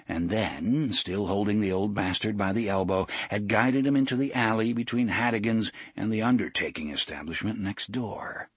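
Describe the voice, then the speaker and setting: A man narrating a story in an expressive storytelling manner. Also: on the low side, normal speed, hardly any pauses, slightly rough, no echo. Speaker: audiobook narrator. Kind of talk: scripted narration.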